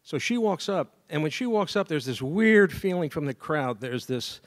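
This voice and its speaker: A man giving a graduation speech as a saxophonist, telling a story lively and scatting melodies. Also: a little high, moderate pace. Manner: lively storyteller who scats melodies and acts out dialogue. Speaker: commencement speaker and saxophonist. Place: university degree ceremony.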